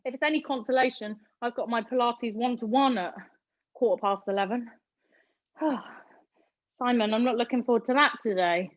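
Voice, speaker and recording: A woman's voice: fairly high pitch, moderate pace, lo-fi sound. A British woman leading a live online workout class, calling out reps and counting down as she cheers her students on. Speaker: fitness instructor.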